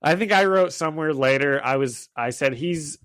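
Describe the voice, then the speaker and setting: Man, podcast host, casual recap, somewhat high voice, laughs a lot, dry close mic. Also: fairly quick, smooth, no echo. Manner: animated, laughing often while retelling.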